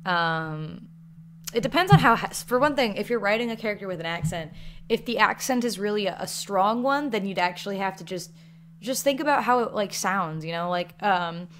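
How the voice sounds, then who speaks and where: A woman's voice: mid-range voice, animated, normal speed, a bit bright, a little hiss or hum. A woman with a Southern American accent casually answering viewer questions in a rambling, chatty way, laughing between thoughts. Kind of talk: casual Q&A chat.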